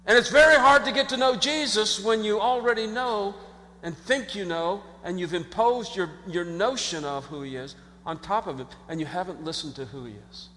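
A man preaching a sermon as pastor, in an animated conversational way, acting out quotes and often restarting his sentences. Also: high voice, normal speed. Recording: long hall reverb.

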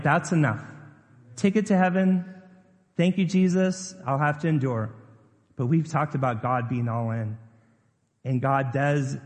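A man preaching a sermon as pastor, chatty and conversational, putting questions to his congregation. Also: medium pitch. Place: church sanctuary. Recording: long reverb of a church hall.

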